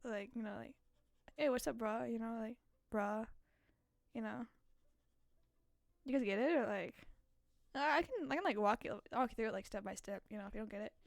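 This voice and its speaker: A woman's voice: fairly high pitch, fairly quick, creaky, pauses often, dry recording, studio quality. A young adult woman streaming, chatting casually with her chat, giggly and rambling with lots of fillers.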